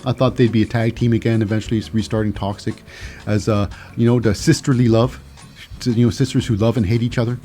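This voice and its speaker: A man's voice: lowish voice, level tone, fast talker, warm tone, soft background music. Rambling male podcast host. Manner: rambling, restarts, dry asides. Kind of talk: solo podcast recap.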